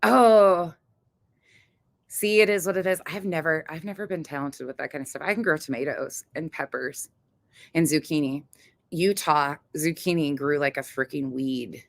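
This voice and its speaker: A woman in a relaxed livestream chat with her viewers, talking in a chatty, blunt way and swearing freely. Her voice sits on the low side. The sound is dry and close, with little room to it. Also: moderate pace, no echo. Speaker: livestream host. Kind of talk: casual cooking livestream chat.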